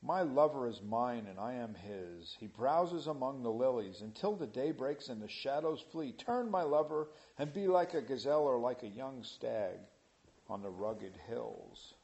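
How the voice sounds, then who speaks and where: A man preaching a sermon in an animated way, rising to loud emphasis. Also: mid-range voice, a little slow. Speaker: pastor.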